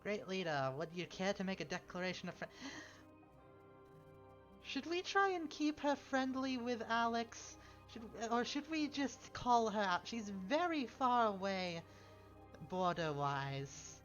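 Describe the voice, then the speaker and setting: This strategy-game streamer has a high-pitched, expressive, fairly bright voice and an unhurried pace. His casual stream chat rambles with self-corrections and chuckling asides, over slightly dull audio with faint game music.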